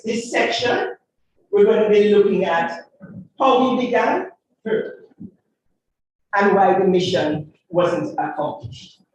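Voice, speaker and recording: Jamaican woman reciting and moderating, slow chant, voice far off in a big echoey hall. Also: medium pitch, a little mellow, a little hiss or hum. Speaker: session moderator. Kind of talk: rhythmic dub poetry recitation, then moderating.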